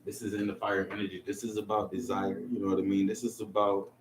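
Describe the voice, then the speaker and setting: A man's voice: lowish voice, completely flat delivery, fast. A man giving a casual tarot reading to camera, talking in a laid-back, slangy, rambling way. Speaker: tarot reader. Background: lo-fi music playlist.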